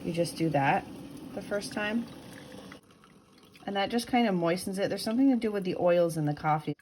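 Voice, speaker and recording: A woman who runs a small pottery and candle business, explaining a home routine step by step in a relaxed, offhand way. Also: mid-range voice, moderate pace, a little hiss or hum, poor audio. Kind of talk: casual how-to vlog chat.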